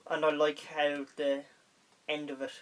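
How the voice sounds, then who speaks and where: A man's voice: a little high, completely flat delivery, unhurried, low-quality recording. A man guesting on a podcast in casual chat, laid-back and giving short remarks.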